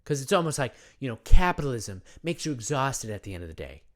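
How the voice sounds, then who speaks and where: A man's voice: medium pitch, sing-song, quick pace, close to an everyday voice. A man playing a rambling, self-absorbed self-care guru who talks about himself in the third person, in a comedy monologue. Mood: soothing. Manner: earnest, rambling, repeats himself.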